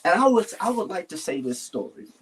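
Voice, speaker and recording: A man's voice: sits high, very animated, a little fast, breathy edge. A man talking earnestly in a casual heartfelt conversation, rambling and restarting his sentences. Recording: voice a little far from the mic.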